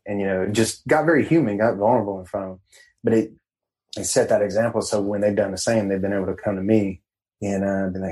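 A man guesting on a casual podcast, talking as a coach in a meandering, halting way. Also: fairly low pitch, steady tone, mellow, rough recording. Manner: meandering, halting, laid-back. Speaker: guest, men's empowerment coach.

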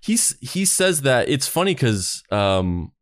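A man's voice: mid-range voice, very animated, a little slow, no echo, studio quality. A man hosting a podcast in casual chat, rambling with many restarts. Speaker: podcast host.

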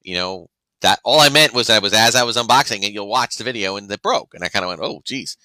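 A man's voice: fairly low pitch, fast talker, pushed and bright, no room sound, poor audio. A man co-hosting a podcast in casual chat, rambling with frequent restarts and acting out other people's reactions. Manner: rambling, restarts often, acts out quoted reactions. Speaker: podcast co-host.

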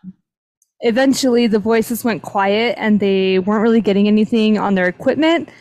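Poor audio without echo captures a young woman whose medium-pitched voice is a little mellow and moderately paced. She hosts a casual podcast, chatting through a paranormal investigation with many "like" fillers.

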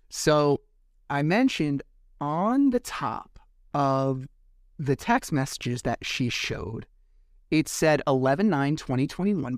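A podcast host retelling events in a casual, animated, sarcastic way, swearing freely. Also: male voice, fairly high pitch, no echo, studio quality. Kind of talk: casual storytelling recap.

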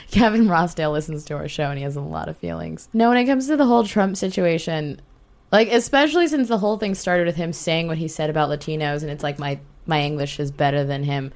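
A woman co-hosts a podcast in animated, casual chat. She talks with a sarcastic edge in a fairly low voice. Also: brisk. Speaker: podcast co-host.

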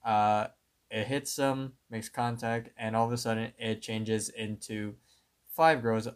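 In a lowish, smooth voice with little pitch movement, a podcast co-host casually recaps a cartoon episode. He walks through it in a plain, unhurried play-by-play, one step at a time.

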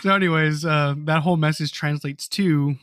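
Male host, slightly high voice, casual storyteller, dry close mic. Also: fairly even intonation, normal speed, a bit bright, no room sound. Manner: casual, uses fillers like "you know" and "dude".

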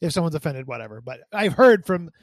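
A man's voice: on the high side, sing-song, quick pace, no echo, clean studio sound. A man co-hosting a podcast, reading listener mail and rambling with hesitant fillers. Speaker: podcast co-host.

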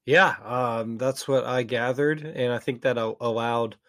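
Male co-host, mid-pitched, dry close sound, halting delivery. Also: fairly even intonation, a bit bright, dry recording. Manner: hesitant, lots of fillers. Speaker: podcast co-host. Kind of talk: casual sports podcast chat.

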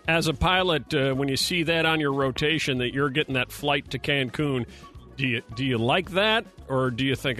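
A man's voice: mid-range voice, pushed and bright, soft background music. A man hosting a morning radio show, bantering casually with jokes at his own expense. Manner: jokey, quick, self-deprecating.

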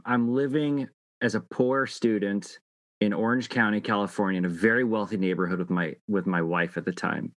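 A middle-aged man telling a long personal story in casual chat, halting and restarting often. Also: on the low side, a bit bright, no room sound. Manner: rambling, halting with many restarts.

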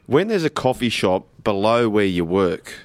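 A man's voice: lowish voice, sing-song, moderate pace, no echo. An Australian man co-hosting a show, teasing his co-host in casual banter. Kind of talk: casual chat.

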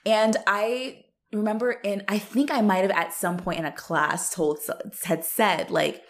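A woman co-hosting a podcast, telling stories in a laughing, animated way and swearing casually. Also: mid-range voice, normal speed. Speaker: podcast co-host.

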